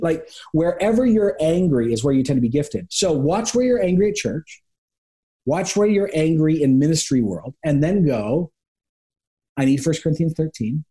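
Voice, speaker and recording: A man speaks as a guest pastor on an interview podcast, with a mellow, warm tone. He tells lively stories, slipping into quick impressions of the people in them. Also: on the high side. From Canada. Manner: animated storyteller, acts out quick voices of people. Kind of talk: conversational interview.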